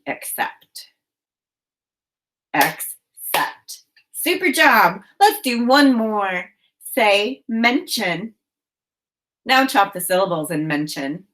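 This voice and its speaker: With a fairly low, slightly bright voice, a woman leads young children in a phonics lesson. Her prompts are slow and distinctly enunciated, and she encourages them as she teaches.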